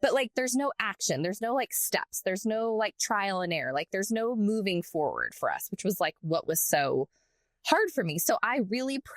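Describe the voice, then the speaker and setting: A woman co-hosting a podcast, chatting casually and telling a story in an animated way with lots of filler words. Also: mid-range voice, normal speed, no echo, clean studio sound. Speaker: podcast co-host. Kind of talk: casual chat.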